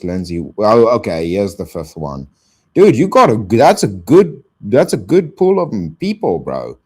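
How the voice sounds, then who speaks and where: A man's voice: fairly low pitch, a little mellow. A man hosting a casual live stream, swearing and thanking donors in slang.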